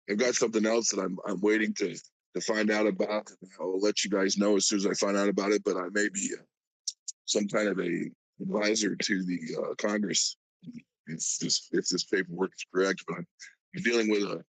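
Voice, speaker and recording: A man with a lowish voice, from Alabama, chatting on a live stream. He talks in halting stretches full of "uh" and restarts. The sound is dry and close, with no room around it. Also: no echo, poor audio. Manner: halting, many fillers and restarts. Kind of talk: casual chat.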